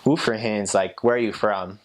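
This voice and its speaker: A young American man, a former missionary, telling stories in a relaxed, rambling way. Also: fairly low pitch, brisk. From United States. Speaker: returned missionary. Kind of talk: casual storytelling.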